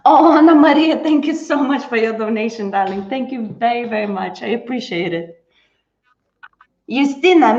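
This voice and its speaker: A woman's voice: a little high, animated, normal speed, darkish tone. Woman, chatty dance teacher, thanks viewers by name, echoey room, muffled stream audio. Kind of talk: live-stream chat after class. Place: indoors at home.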